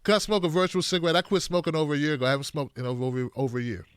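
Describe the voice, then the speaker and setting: A man hosting a political commentary livestream, animated and joking, swinging from shouts to mumbles. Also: a little high, very fast, clean tone, no room sound, clean studio sound. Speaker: host.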